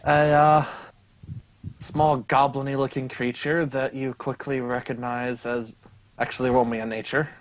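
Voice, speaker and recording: A man narrating a tabletop role-playing game as game master, unhurried and casual. He fills his pauses with "uh" as he paints the scene. Faint hiss behind him. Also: mid-range voice. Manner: relaxed, with frequent "uh" pauses.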